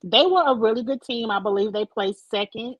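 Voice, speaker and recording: A woman's voice: on the high side, brisk, no echo, dull audio. A woman co-hosting a casual chat show, talking in a chatty, opinionated, slangy way. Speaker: podcast co-host. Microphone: desk mic.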